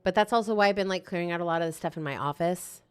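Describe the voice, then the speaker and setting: Woman, livestream host, casual chat, slightly low pitch, eager reactions. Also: racing, smooth. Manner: chatty, reads out viewer messages and reacts eagerly. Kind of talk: casual chat while co-working on stream.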